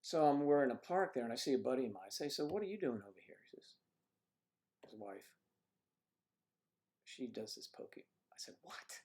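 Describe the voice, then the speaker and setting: An older man hosting a livestream, chatting casually through rambling anecdotes with frequent restarts and throat clearing. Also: mid-range voice, big pitch swings, moderate pace, pauses often, a little mellow. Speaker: livestream host. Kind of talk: casual chat reading viewer comments. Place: home livestream setup.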